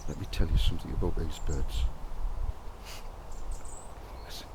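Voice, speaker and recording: A man talks slowly into a handheld camera while out walking in the countryside. He speaks in a soft, musing way, and birdsong and rural noise are clearly audible behind his voice. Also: very deep voice. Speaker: vlogger. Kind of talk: outdoor walking vlog. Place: outdoors in the countryside.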